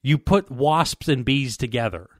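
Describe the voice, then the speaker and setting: A man's voice: medium pitch, measured pace, no room sound, clean studio sound. A man casually telling a long hunting story, rambling and stumbling over repeated words while acting out what people said to him.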